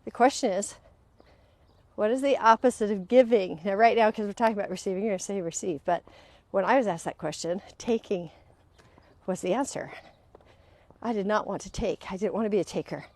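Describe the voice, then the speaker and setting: A woman's voice: mid-range voice, fairly quick, no room sound. A woman host and coach speaking in a walk-and-talk monologue, telling stories and acting out the people she quotes. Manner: animated storytelling, acting out quoted voices.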